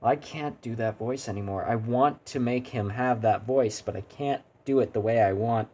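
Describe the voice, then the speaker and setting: A man's voice: medium pitch, moderate pace, darkish tone, a little hiss or hum. A man streaming a video game, chatting casually and critiquing his own attempts at doing voices. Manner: rambling, self-deprecating. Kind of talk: casual gaming stream chat.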